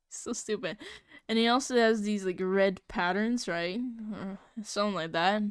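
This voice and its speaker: Giggly young woman streamer, slow and clear. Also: medium pitch, no room sound, studio quality. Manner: giggly, rambling, playfully exasperated. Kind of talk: casual live-stream chat while drawing.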